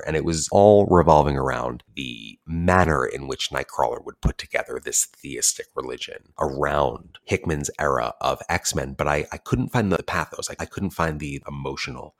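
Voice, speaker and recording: A man with an extremely low, deep voice hosts a casual podcast chat. He is playful and theatrical, and leans into effusive, dramatic phrasing. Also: a bit bright. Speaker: podcast host.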